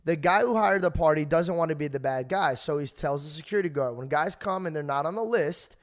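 A man's voice: fairly high pitch, fairly quick. A man hosting a podcast, telling a story in casual chat and acting out the people he quotes. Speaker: podcast host.

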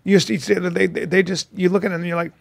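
A man's voice: sits high, racing, creaky, no echo, clean studio sound. A man co-hosting a podcast in casual banter, telling profane stories and acting out what people said. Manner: profane, animated storyteller who acts out quotes. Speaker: podcast co-host.

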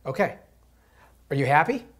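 A man playing a nervous male league commissioner in a comedy sketch, who snaps angrily and then turns shrill and fawning. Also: big pitch swings, moderate pace, fairly bright tone, slight background noise. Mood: nervous eager.

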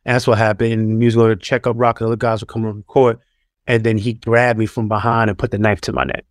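A man's voice: on the low side, little pitch movement, fast, no echo, studio quality. A man, a former pro athlete, telling stories in a loose, casual interview style full of fillers and restarts. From New York. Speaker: guest, former pro basketball player.

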